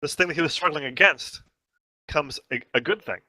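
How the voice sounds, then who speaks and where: A man hosting a casual book discussion, talking it through and reading passages aloud in an animated way. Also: on the high side, a little fast, no room sound. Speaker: host leading a book discussion.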